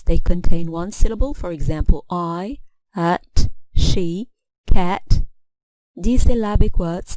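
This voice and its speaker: A woman gives a scripted English pronunciation lesson in a mellow, warm voice. She talks clearly and deliberately, and she stretches each example word as she models it. The recording is dry and close, with no room sound. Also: lowish voice, no echo, poor audio. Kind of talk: scripted instructional narration.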